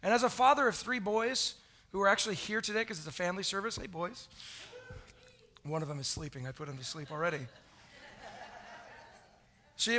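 Bright high-voiced male pastor. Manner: chatty, joking, with many restarts. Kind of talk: Christmas Eve sermon with jokes.

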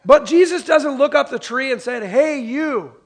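A man with a high voice preaches a sermon to his congregation. He talks like a friend, asks the room to repeat lines after him, and swings from loud, pressing emphasis to hushed, quiet lines. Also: moderate pace, creaky. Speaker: pastor.

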